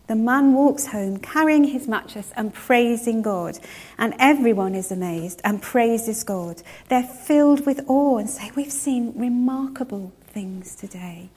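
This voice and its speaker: A woman preaching a sermon, retelling a story in a measured way and slowing down to stress key words. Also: on the high side, a little mellow, slightly rough.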